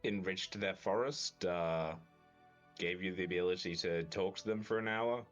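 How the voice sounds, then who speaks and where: A man playing a tabletop game in character, speaking in a measured, dry way with pauses. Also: sits low, muffled recording, soft background music. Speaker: player.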